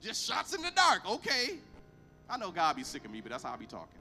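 A man, a pastor, preaching a lively storytelling sermon, acting out both sides of the conversations with emphatic delivery. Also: high-pitched, fast, soft background music.

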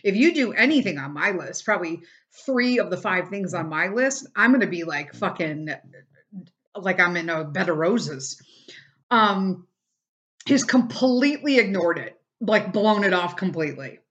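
A woman's voice: on the low side, fairly bright tone, dull audio. A middle-aged woman hosting a casual solo podcast, venting bluntly and swearing a lot as she talks about her family and her frustrations. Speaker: podcast host.

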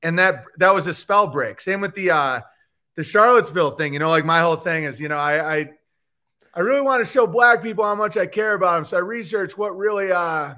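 Guy comedian on a podcast, kinda high voice, bright, ranty and swears a lot, does silly voices. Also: a little fast. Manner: ranting, profane, jumps into mocking put-on voices. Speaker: comedian guest. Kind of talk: animated podcast chat with comic bits.

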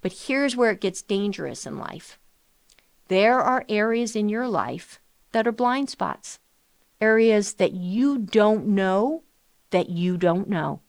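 A middle-aged woman hosting a financial planning show, talking in a chatty, animated way with rhetorical questions. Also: mid-range voice, slow pace, dry recording, clean studio sound. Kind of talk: conversational radio-style finance talk.

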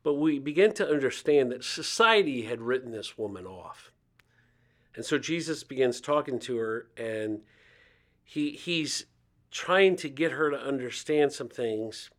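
A man's voice: mid-range voice, expressive, unhurried, a bit bright. A man in his fifties from Ohio, a guest telling stories in a conversational interview and acting out the voices of the people he quotes. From Ohio, United States. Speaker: guest speaker on faith and poverty.

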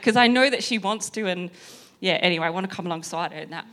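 A woman telling an animated story, laughing often and jumping up high when she quotes people. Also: quick pace. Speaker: personal trainer sharing a testimony.

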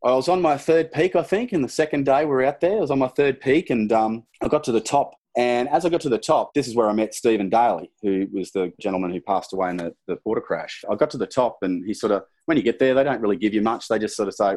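Man, middle-aged, Australian accent, lowish voice, casual storytelling, rambling. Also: fast talker, few pauses. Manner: relaxed, rambling, sprinkled with "you know" and "sort of". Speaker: guest, former soldier.

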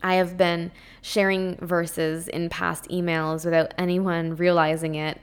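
A woman hosting a podcast, talking on her own in an earnest, heartfelt way, chatty and full of spiritual self-help phrasing. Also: low-pitched. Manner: chatty, with frequent "like" and "um". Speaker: podcast host. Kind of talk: casual podcast monologue.

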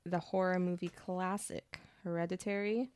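A woman's voice: lowish voice, steady tone, normal speed, darkish tone, clean tone, dry recording. A young woman co-hosting a podcast, chatting casually as she recaps a book plot with slang and frequent laughter. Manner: bubbly, laughs often, retells plot with slang. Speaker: podcast co-host.

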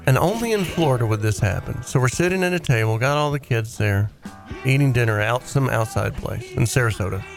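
A man hosting a weekend radio show, telling stories in a chatty, animated way and laughing easily. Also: mid-range voice, fairly quick, gravelly, soft background music. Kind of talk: casual on-air storytelling.

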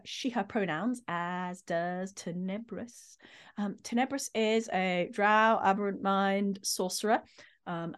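A woman hosting a tabletop game podcast, talking casually and laughing often. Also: mid-range voice. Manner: bubbly, quick, laughs often. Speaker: podcast host. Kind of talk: casual group chat, introducing a game.

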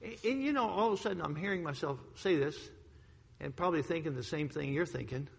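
A man preaching a sermon to a congregation, telling a personal story emphatically, swinging between loud outbursts and hushed lines. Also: on the high side, quick pace, vocal fry, breathy edge. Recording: long hall reverb.

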